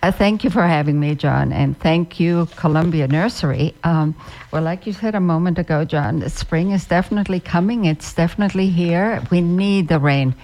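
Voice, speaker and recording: A woman's voice: lowish voice, normal speed, a little mellow. A woman who is a master gardener, chatting casually as a radio guest and often repeating and restarting words.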